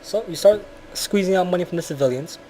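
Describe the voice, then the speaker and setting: A man's voice: high-pitched, quick pace, dark tone, slight background noise. A man giving a blunt, profane, rambling commentary on a video game.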